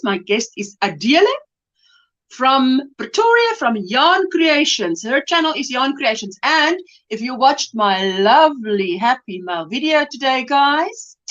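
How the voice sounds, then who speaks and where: A woman's voice: high voice, a bit bright. A middle-aged South African woman hosting a casual livestream, chatty and full of greetings and fillers. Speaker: livestream host. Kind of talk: casual livestream chat, reading comments. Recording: slightly dull lo-fi stream audio.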